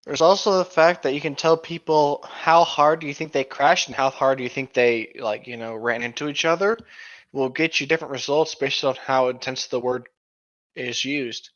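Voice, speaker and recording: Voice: mid-range voice, moderate pace, fairly bright tone, dull audio. A tipsy podcast co-host reading fanfiction aloud with crude, rambling asides. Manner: crude, rambling, lots of filler. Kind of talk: comedic fanfic reading with banter.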